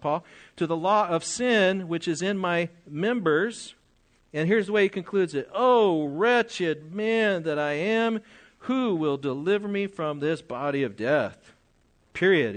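A man's voice: high-pitched, fairly bright tone. An older man preaching a sermon, reading scripture aloud, explaining it and asking his listeners questions.

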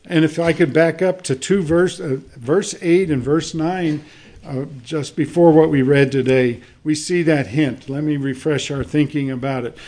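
Man preaching, slightly high voice. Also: steady tone, warm tone. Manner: measured preaching with frequent fillers, reading scripture aloud. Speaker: pastor. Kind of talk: sermon.

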